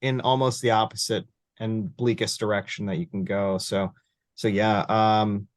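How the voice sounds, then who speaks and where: A man's voice: on the low side, flat delivery, moderate pace, no echo. A man hosting a casual TV review chat who recaps scenes with many fillers and restarts. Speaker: host.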